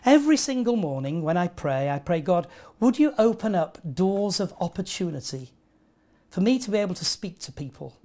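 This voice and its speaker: A man from England, preaching a sermon in an earnest way and telling stories with lively asides. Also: high voice, normal speed. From northern England.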